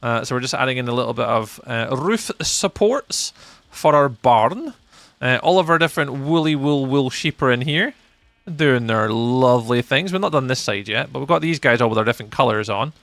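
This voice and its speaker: Young Scottish male streamer, bright lively voice with gravel, playful chat-reading, dry close mic. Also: mid-range voice, normal speed, no echo. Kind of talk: casual live-stream chat.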